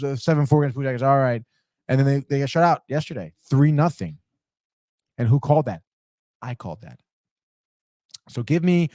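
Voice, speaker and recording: A man's voice: mid-range voice, a little mellow, dry recording, clean studio sound. A man hosting a live sports podcast alone, trash-talking teams, swearing and calling everyone "dude" as he reads chat comments. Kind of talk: live sports betting talk.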